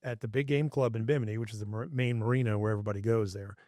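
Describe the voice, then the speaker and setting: A man with a lowish voice spins loose, rambling fishing yarns in casual conversation. He restarts sentences often and talks in a folksy way. The sound is dry and close. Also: fairly even intonation, very fast, dark tone, dry recording. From Florida. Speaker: fishing podcast host. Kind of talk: casual storytelling chat.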